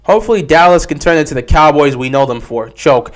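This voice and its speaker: A young man hosting a sports livestream, chatting casually and answering viewer questions. His voice sits a bit high and swings widely in pitch as he gets worked up. He talks like he's riffing with his audience. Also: quick pace. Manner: animated, answering chat questions. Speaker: livestream host.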